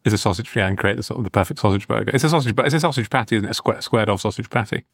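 A man's voice: on the low side, rapid-fire, gravelly, no echo, studio quality. A man hosting a podcast in casual chat, rambling and giggling, in a sound-treated booth. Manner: rambling, giggly, self-mocking. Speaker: podcast host.

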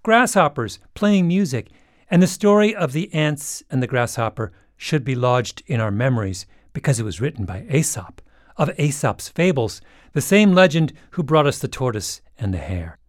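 A man's voice: medium pitch, very animated, normal speed, no echo, clean studio sound. A man hosting a podcast in wry, emphatic scripted narration. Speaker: podcast host.

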